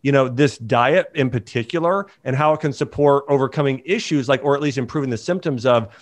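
A man's voice: medium pitch, fairly quick, no echo. A man hosting a podcast, enthusiastically encouraging his listeners. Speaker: podcast host. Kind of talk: podcast interview.

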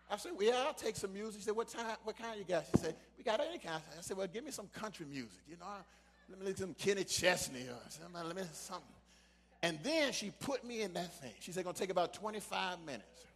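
A high, bright male preacher with a husky, gravelly edge, swinging between fiery shouting and hushed storytelling. His voice rings out in a large hall with a long echo. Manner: shouting preacher who drops to a quiet storytelling voice. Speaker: pastor. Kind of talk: sermon.

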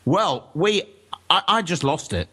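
A man, a historian guest, telling stories in a relaxed radio chat with frequent laughter. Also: a little high, measured pace, slightly rough. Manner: animated storyteller, laughs often. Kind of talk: casual radio chat, anecdote.

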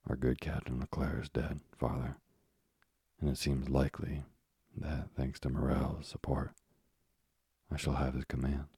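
A man reading as an earnest young sailor, devoted to his father, his voice very deep and flat. The tone is dark and raspy, and it is kept soft and slow for a storybook reading. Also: no room sound, studio quality, full character voice.

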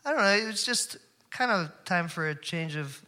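A man's voice: sits high, animated, moderate pace, bright, forceful tone. A young man, a musician guest, chatting casually in an interview, easygoing and laid-back.

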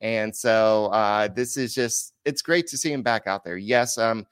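A man's voice: fairly low pitch, unhurried, smooth, dry recording. A man hosting a casual sports podcast, rambling through game stats with lots of "uh" and restarts. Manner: rambling, filler-heavy stat talk. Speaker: podcast host.

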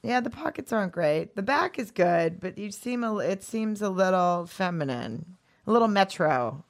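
A woman's voice: mid-range voice, animated, moderate pace. This is a woman co-hosting a casual podcast, recorded on a studio microphone in an office. She talks bluntly and teases her co-host, laughing often along the way. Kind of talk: casual chat.

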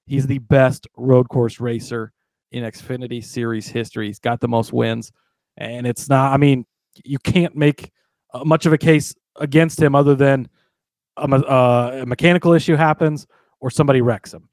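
Relaxed, chatty podcast co-host man. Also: medium pitch, dry recording. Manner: relaxed, conversational, chuckles often. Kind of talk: casual sports betting chat.

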